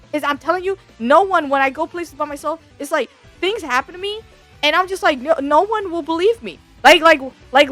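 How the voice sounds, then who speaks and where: Woman vtuber ranting about her day, slangy and swearing, high voice that jumps all over, quiet music behind. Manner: animated, slangy, swears a lot. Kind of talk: casual storytelling rant.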